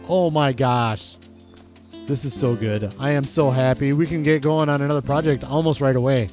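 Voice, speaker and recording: A man hosting a casual let's-play, chatting and thinking aloud with lots of fillers and excited outbursts. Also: fairly high pitch, normal speed, faint music behind. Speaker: gaming channel host.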